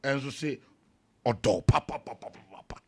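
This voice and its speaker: A man with a Ghanaian accent hosting a morning radio show, chatting casually and reading listener messages and news in an animated way. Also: medium pitch, normal speed. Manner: animated, switching between Twi and English, reads messages aloud. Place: radio studio.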